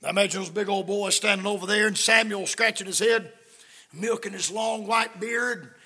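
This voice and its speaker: A man preaching a sermon as dramatic storytelling, swinging from hushed to shouting. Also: sits high, fairly even intonation, moderate pace. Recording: long hall reverb.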